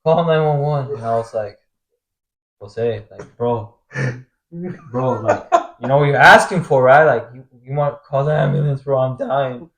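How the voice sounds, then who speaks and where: A man's voice: mid-range voice, a little slow, poor audio. A young man from Argentina, a professional soccer player, telling a story as a podcast guest with lots of casual fillers. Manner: animated, heavy slang fillers like bro and like.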